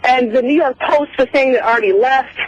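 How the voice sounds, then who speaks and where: A woman's voice: high-pitched, moderate pace, no echo. A woman calling in to a radio show, complaining and pressing her point. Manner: complaining, insistent. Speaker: caller. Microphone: telephone. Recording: dull, dry phone line.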